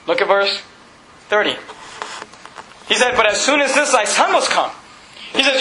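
A man's voice: very high-pitched, normal speed, pauses often, reverberant, a little hiss or hum, low-quality recording. A male pastor in his thirties preaching a sermon, acting out the characters of a Bible story. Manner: animated, acts out Bible characters' voices. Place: church.

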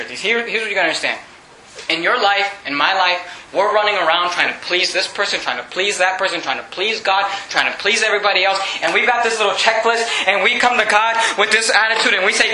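High, bright-voiced impassioned preacher man. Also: fast. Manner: impassioned, emphatic, often shouting. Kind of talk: sermon. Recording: very echoey church hall.

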